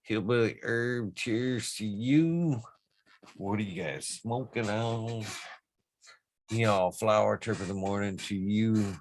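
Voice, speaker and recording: A man hosting a casual livestream chat, giving laid-back shout-outs to his viewers. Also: fairly low pitch, fairly even intonation, slow pace. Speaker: livestream host.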